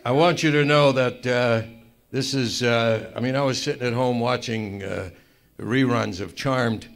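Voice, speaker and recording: A male comedian at a roast, spinning a mock-sincere tall tale with deadpan asides. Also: mid-range voice, measured pace, vocal fry. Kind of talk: stand-up storytelling at a roast. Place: club room with a live audience.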